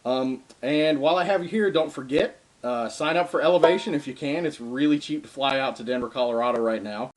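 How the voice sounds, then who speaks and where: In this casual darbuka lesson at home, the young man teaching talks fairly quickly with few pauses in a medium-pitched voice. His speech is informal and full of ums and uhs, and he plays the drum between phrases.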